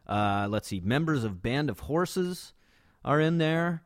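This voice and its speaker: A man's voice: fairly high pitch, lively intonation, slow, no echo, clean studio sound. Rambling man hosting a podcast. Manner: rambling, full of fillers and restarts. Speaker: podcast host. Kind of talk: casual storytelling.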